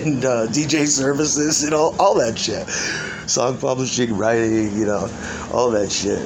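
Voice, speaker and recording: There's background noise as this man, medium-pitched and speaking a little slowly, improvises a meandering monologue in the role of an ancient demon. Cursing constantly, he laughs between lines and often abandons sentences to start over or let them fade.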